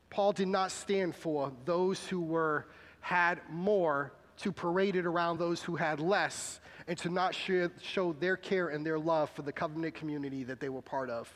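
A man's voice: high voice, a bit bright, big-room sound. A man preaching a sermon, talking conversationally and asking the congregation questions. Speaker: pastor. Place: church sanctuary.

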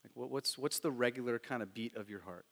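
A man's voice: mid-range voice, quick pace, creaky, fairly bright tone, long reverb tail. A middle-aged man preaching a sermon as a pastor, talking conversationally with frequent rhetorical questions. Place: church sanctuary.

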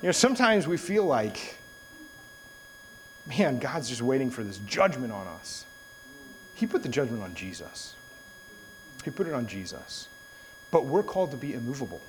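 A man's voice: mid-range voice, sing-song, moderate pace, pauses often, slight background noise, poor audio. A young adult man giving a sermon, telling a story in a casual way and then turning it into an earnest exhortation. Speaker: preacher.

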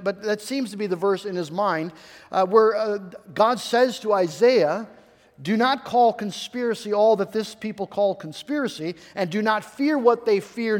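A man's voice: high-pitched, long reverb tail. A male pastor preaching a sermon in an earnest way, often repeating key phrases and restarting his sentences.

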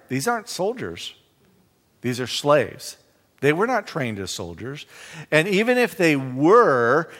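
A man's voice: a little high, a bit bright. A man teaching a Bible study in a conversational way, reading scripture aloud with emphasis. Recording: long reverb in a hall.

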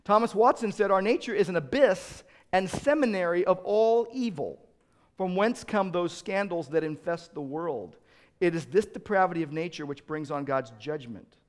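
A man pastor preaching a sermon, earnest and emphatic, building to loud peaks and repeating words as he restarts. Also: sits high, lively intonation, normal speed.

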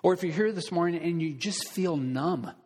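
A man preaching from the pulpit, his fairly high voice carrying through the long reverb of a large hall. He speaks earnestly and deliberately, pressing questions straight at his listeners. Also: darkish tone, breathy edge. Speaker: pastor. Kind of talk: sermon.

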